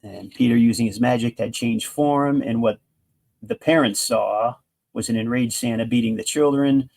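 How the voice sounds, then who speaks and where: A man with a gravelly, fry-laced voice at an ordinary middle pitch talks through a comic book he loves. He retells the plot in a loose, enthusiastic ramble, stopping often to restart his sentences. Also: normal speed, a little mellow. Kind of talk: casual comic book review.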